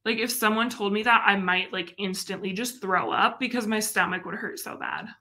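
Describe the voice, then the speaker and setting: A woman's voice: mid-range voice, steady tone, moderate pace, sharp tone. A young woman hosting a live stream, chatting casually and expressively with frequent laughs. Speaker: livestream host.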